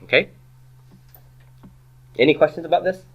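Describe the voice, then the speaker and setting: A man's voice: on the high side, normal speed, phone-quality sound. Man teaching a grammar class. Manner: patient, asks the class questions and repeats answers. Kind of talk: classroom lecture.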